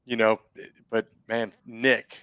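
A man's voice: medium pitch, completely flat delivery, slow pace, a bit bright, clear, resonant tone, dry recording, muffled recording. A man from the United States as a podcast guest, talking in a laid-back, enthusiastic way and swearing casually. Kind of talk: casual chat.

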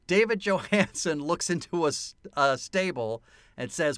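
A man co-hosting a podcast, excitedly retelling a film scene by scene with lots of laughter, in casual chat. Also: on the high side, a little slow, smooth, no room sound, studio quality. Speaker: podcast co-host.

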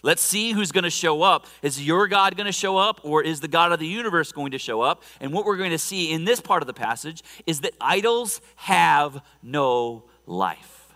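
Animated male pastor with a bright, forceful voice. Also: fairly high pitch, moderate pace, in a large hall. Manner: animated, conversational storytelling with laughs. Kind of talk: sermon. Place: church sanctuary.

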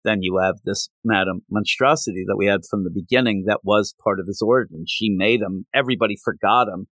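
A man hosting a podcast, chatting casually about comic books and retelling scenes with quick voiced quotes. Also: lowish voice, fairly bright tone, no echo. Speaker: podcast host. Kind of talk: casual comic book review chat.

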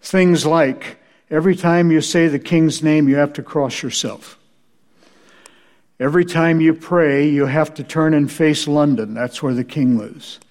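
A man's voice: fairly high pitch, steady tone, a little slow, a little mellow. Male church lecturer, wry storyteller with a slightly raised voice. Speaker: preacher and church history lecturer. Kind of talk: lecture with humorous anecdotes.

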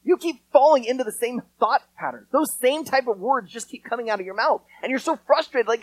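A man preaching a sermon in a casual, conversational way, acting out quotes with lively storytelling. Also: very high-pitched, fairly quick, hardly any pauses, dry recording, low-quality recording. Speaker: pastor.

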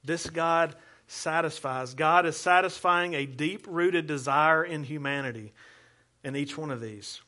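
Bright-voiced earnest preaching man. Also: a little high, a little slow. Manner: earnest, conversational preaching with rhetorical questions. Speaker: pastor. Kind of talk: sermon.

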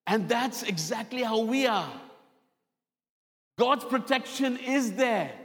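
A man's voice: sits high, fairly bright tone. A male pastor preaching a sermon, repeating key lines and acting out stories with dramatic voices. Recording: long hall reverb.

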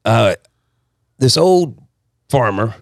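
A man from South Texas, telling his personal story as a podcast guest in an emphatic, animated way. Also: mid-range voice, drawn-out words, dry recording, studio quality.

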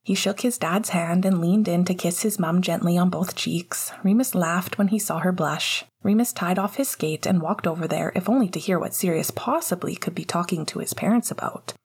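A woman narrating a novel chapter in a soft, half-whispered reading. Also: on the low side, normal speed, hardly any pauses, breathy edge. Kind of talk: audiobook reading of fiction.

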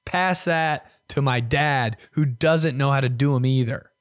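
On his podcast, a young man rants at a measured pace in a mid-range voice, cursing often and mimicking people with mock voices. He is profane and animated, and the clean studio sound has no echo.

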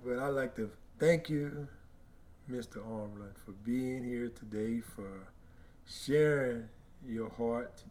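A man's voice: mid-range voice, slow, darkish tone. A man from the interviewing an older guest, asking short questions and often restarting them. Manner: prompts with short questions, repeats words at the start. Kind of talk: casual interview.

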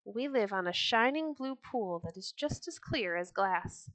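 A woman voicing a pair of friendly wild geese in a storybook reading, speaking high and coaxing. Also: expressive, a little slow, a bit bright, no room sound.

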